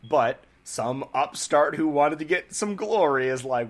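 A man's voice: on the high side, lively intonation, a little slow. A man in his twenties, a podcast host casually telling a history story in an irreverent, profane, joking way.

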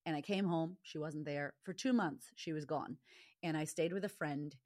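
Middle-aged woman guest, low pitch, dry close sound, candid and emphatic storytelling. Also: no echo. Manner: emphatic, quick bursts, animated when quoting herself. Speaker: guest, confidence coach.

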